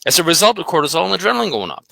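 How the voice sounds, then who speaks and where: A man's voice: a little high, very animated, rapid-fire, creaky, bright, forceful tone, no room sound. A man talking bluntly and emphatically about dog behaviour in a casual conversation, swearing freely.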